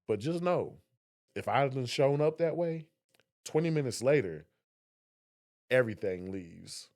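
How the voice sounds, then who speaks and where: A young man co-hosting a podcast, telling stories in a casual, animated way and acting out voices. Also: mid-range voice, unhurried. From Southern West Virginia. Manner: animated storyteller, acts out voices. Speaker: podcast co-host. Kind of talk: casual conversation.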